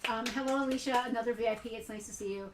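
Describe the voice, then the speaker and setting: A woman's voice: fairly high pitch, fairly even intonation, rapid-fire, far from the mic, noisy background. Chatty woman, echoey and off-mic. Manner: chatty, rambling with many fillers. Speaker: co-host of a live sale stream. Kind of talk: casual live-stream chat. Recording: roomy, from off the mic.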